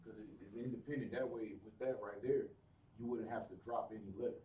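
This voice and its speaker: A man's voice: fairly low pitch, fairly even intonation, a little fast, dark tone, roomy sound, recorded from a distance, slight background noise, low-quality recording. A man answering the teacher's questions in a class, briefly and hesitantly. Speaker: class student.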